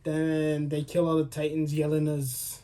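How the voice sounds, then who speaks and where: Young guy on a podcast, kinda high voice, keeps jumping into goofy character voices. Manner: animated, acts out characters' lines in quick voices. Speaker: podcast co-host. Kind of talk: casual chat, recapping anime episodes.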